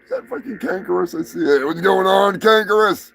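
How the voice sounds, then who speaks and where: Gravelly man ranting and cursing. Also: sits high, big pitch swings, a little fast, a crowd in the background. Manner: crude, ranting, swears constantly, shouts in bursts. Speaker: show host. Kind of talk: profane live-stream rant.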